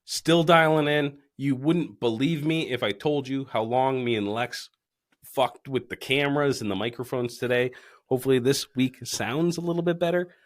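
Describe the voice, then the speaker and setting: A man's voice: medium pitch, normal speed. A man hosting a casual podcast, joking and swearing loosely with a friend while drinking. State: tipsy from drinking beer. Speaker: podcast host. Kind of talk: casual chat. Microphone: studio mic.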